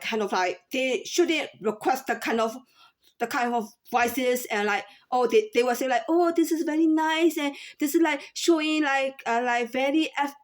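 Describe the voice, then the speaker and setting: A woman in her thirties or forties speaking in a casual unscripted monologue, halting with many fillers and restarts. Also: high-pitched. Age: 30s to 40s. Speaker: former store employee.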